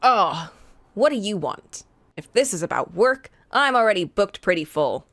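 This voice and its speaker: A woman's voice: mid-range voice, sing-song, normal speed, fairly bright tone. Woman doing a curt, impatient male reporter. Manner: brusque, clipped, impatient. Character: irritable male freelance reporter, curt and busy.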